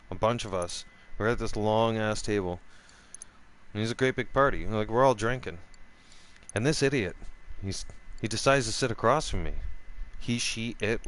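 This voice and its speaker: A man's voice: fairly bright tone, slight background noise. A middle-aged man telling a rambling, profane story in a casual vlog rant, restarting his sentences often. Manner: voice jumps up high when quoting himself. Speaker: gaming vlogger.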